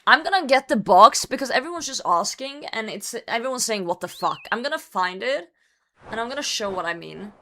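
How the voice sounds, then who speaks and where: A woman streamer chatting casually with her viewers and reading their messages aloud, her voice worn and hoarse from a cold. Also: a little high, expressive, a little fast, sharp tone. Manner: loose and chatty, swears, reads chat aloud and laughs. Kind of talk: casual livestream chat.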